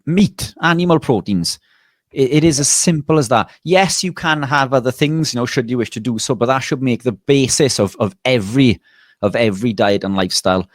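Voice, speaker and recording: A man, a nutritionist and bodybuilder, telling a lively anecdote in a casual interview, often restarting his sentences. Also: mid-range voice, a little fast, no room sound, studio quality.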